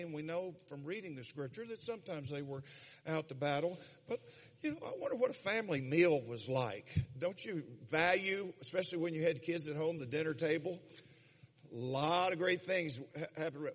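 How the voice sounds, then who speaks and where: High-voiced preacher in a reverberant hall. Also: male voice. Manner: animated, dramatizes scenes with voices. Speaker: pastor. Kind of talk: sermon storytelling. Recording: long reverb of a large hall.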